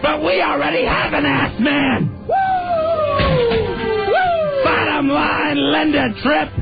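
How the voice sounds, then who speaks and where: A radio co-host doing an impression of a brash, shouting wrestler cutting a promo, full of "Woo!" yells. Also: male voice, extremely high pitch, vocal fry, heavily acted. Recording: dull lo-fi radio broadcast with music.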